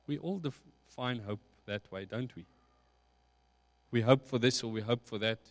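Male pastor, mid voice, measured reflective sermon delivery, long reverb of a large hall. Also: medium pitch. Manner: slow, reflective preaching with rising emphasis.

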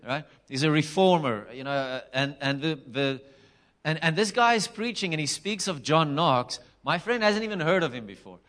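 Passionate preacher, fairly high voice. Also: male voice, expressive, moderate pace. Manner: passionate, emphatic storytelling with sudden loud declarations. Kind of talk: sermon.

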